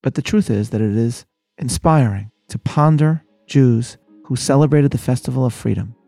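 A man, a rabbi, delivering a measured sermon-style lecture and reading quotations with dramatic emphasis. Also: mid-range voice, creaky, mellow, no room sound, faint music behind.

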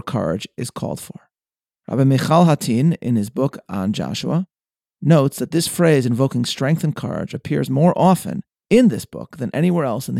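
A man reads a prepared talk in a measured, deliberate way. His voice is mellow and low-toned, with a steady gravelly fry. The sound is dry and close, with no room around it. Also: no room sound. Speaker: speaker on Jewish history. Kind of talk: scripted talk read aloud.

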